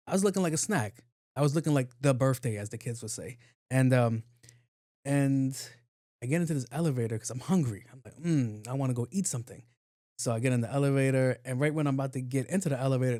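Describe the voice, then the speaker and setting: A man talks alone on his podcast and tells a work story, slipping into little voices for the people he quotes. His voice is mellow and relaxed. The sound is dry and close, with almost no room around it. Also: mid-range voice, no echo. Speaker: podcast host. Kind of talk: casual solo podcast monologue. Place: home studio, on camera.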